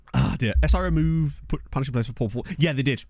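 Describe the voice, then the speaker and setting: A man's voice: medium pitch, creaky, darkish tone, dry recording, clean studio sound. A young man with a Southern English accent, chatting casually while playing a game and answering his stream chat. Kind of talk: casual gameplay commentary while reading chat. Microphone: desk microphone.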